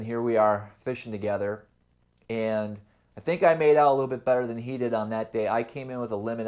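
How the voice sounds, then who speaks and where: A young adult man hosting his own fishing channel, telling his tournament story in a loose, rambling way. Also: medium pitch. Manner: rambling, relaxed storytelling with fillers. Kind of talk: casual vlog talk to camera.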